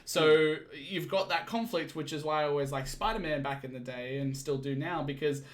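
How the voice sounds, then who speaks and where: Young guy host, kinda high voice, rambles and stumbles thru recaps. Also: brisk. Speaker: podcast host. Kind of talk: casual chat.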